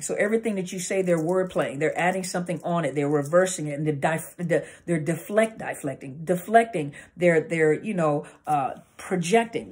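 A woman's voice: deep voice, darkish tone, breathy edge. A woman, a counselor, talking casually to viewers and explaining while she acts out quoted arguments in exaggerated voices. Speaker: counselor and channel host. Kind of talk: casual educational talk to camera.

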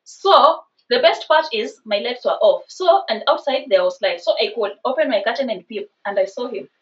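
A woman in her twenties with a Kenyan accent, telling a personal story in animated, casual vlog style, slipping in Swahili slang. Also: a little high, normal speed. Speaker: vlogger. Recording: slightly distant, dull sound.

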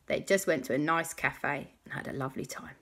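A woman's voice: low-pitched, fairly quick, fairly bright tone, husky. A woman hosting a children's show, improvising a bedtime story with chatty, playful asides to the listeners.

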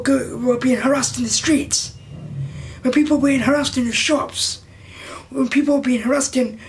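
A man delivering an indignant, heated commentary rant to camera, swearing often and repeating phrases for emphasis. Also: very high voice. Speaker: YouTube commentator.

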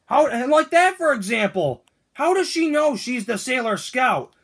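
A man's voice: very high-pitched, very animated, a little slow, a bit bright, slightly rough, heavily acted. A man voicing Toad as a grumpy, whiny male figure in a fan-made cartoon, ranting with indignant questions.

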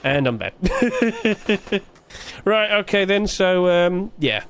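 A man's voice: high-pitched, big pitch swings, takes it slowly, fairly bright tone, clear, resonant tone. A man giving casual gameplay commentary, thinking aloud, puzzled and joking, with plenty of fillers. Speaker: streamer playing a game.

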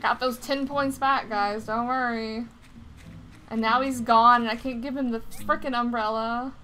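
A woman's voice: on the high side, steady tone, a little slow, sharp tone, a little hiss or hum. A young woman giving casual, chatty gameplay commentary, often exasperated and grumbling mildly. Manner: exasperated, chatty, mild swearing. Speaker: gaming streamer.

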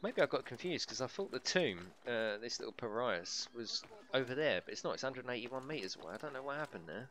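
A man's voice: medium pitch, sing-song, fairly quick, hardly any pauses, noisy background. A man chatting casually as he streams a video game, swearing freely and laughing often. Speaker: gaming livestreamer. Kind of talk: casual live gameplay commentary.

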